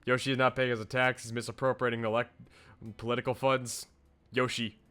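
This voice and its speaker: A man's voice: medium pitch, flat delivery, normal speed, a bit bright, clear, resonant tone. A young man streaming a game, chatting casually with enthusiastic, gushing commentary and frequent laughs.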